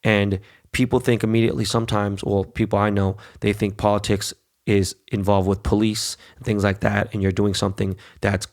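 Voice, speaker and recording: A man in his forties hosts a podcast in loose, casual chat. His low voice carries a gravelly fry, and he tells stories with animation, swearing freely and mimicking others in raised voices. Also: little pitch movement, fairly quick. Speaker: podcast host.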